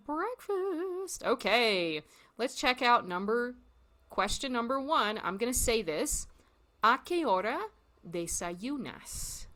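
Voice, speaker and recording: A woman teaching a recorded Spanish lesson, encouraging learners and repeating phrases slowly. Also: mid-range voice, sharp tone.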